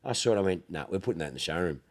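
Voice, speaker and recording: A man's voice: sits low, animated, racing. Broad-talking Australian man, slangy storyteller. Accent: Australian, Melbourne. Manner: broad slangy storyteller, swears freely, acts out quotes. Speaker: podcast host, car dealer. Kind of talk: casual chat.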